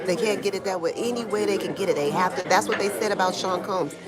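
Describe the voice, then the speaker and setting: A woman giving casual live-stream commentary from home in Brazil, talking in a slangy, animated way and answering chat comments, with a small clip-on mic. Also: medium pitch, fast talker, a loud crowd. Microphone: small clip-on microphone being tested. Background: Brazilian music playing.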